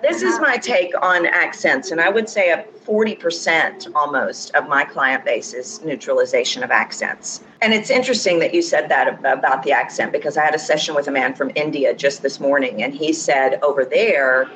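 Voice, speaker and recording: A woman's voice: sits low, lively intonation, normal speed, hardly any pauses, a bit bright, poor audio. A woman accent coach explaining her views as a podcast guest, confident and emphatic. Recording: audible background noise.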